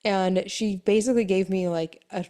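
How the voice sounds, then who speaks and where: A woman's voice: mid-range voice, moderate pace. Chatty young woman telling a story. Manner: chatty storytelling, animated quoted voices, frequent laughs. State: pregnant, exhausted from sickness. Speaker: podcast co-host. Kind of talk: casual chat.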